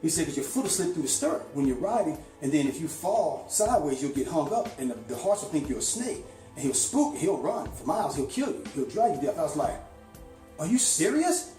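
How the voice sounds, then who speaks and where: A man from St. Louis telling a long, rambling story in a casual, animated way, with lots of "you know.". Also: on the high side, quick pace, reverberant, faint music behind. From St. Louis, USA.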